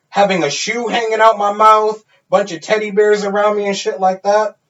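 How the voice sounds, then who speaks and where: A man in his thirties, a podcast co-host, telling a wild party story in a casual, animated and profane way. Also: sits high. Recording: dull lo-fi sound.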